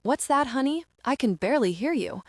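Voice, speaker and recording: A woman putting on a kindly older man picking up a phone, easygoing and folksy, stretching his words out in a slow drawl. It sounds dry and close, from a storybook reading. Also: very high voice, lively intonation, dry recording, voice pushed up, heavily acted. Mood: puzzled. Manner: folksy, drawling, calls people honey.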